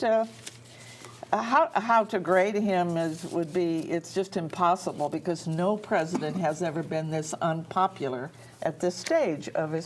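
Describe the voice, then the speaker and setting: A woman giving her views on a televised panel, earnest and halting, often repeating words as she searches for them. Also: deep voice, a little hiss or hum. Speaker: panelist, speech coach. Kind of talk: political panel discussion. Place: TV studio.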